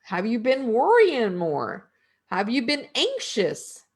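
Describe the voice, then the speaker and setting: With a slightly high, slightly rough voice whose pitch swoops wildly, a middle-aged woman who does energy work talks slowly and reflectively. Her casual spiritual chat is full of rhetorical questions to listeners.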